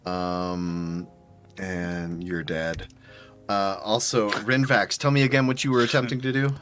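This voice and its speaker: A man running a tabletop role-playing session, his voice sitting low as he narrates scenes and calls for rolls. He talks loosely and pauses on ums along the way. Soft music plays behind him. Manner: relaxed, halting with ums. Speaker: game master.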